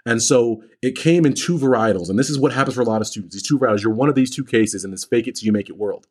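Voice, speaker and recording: Man, husky voice, study coach, livestream talk, lively storyteller, mimics quoted voices. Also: medium pitch, very fast.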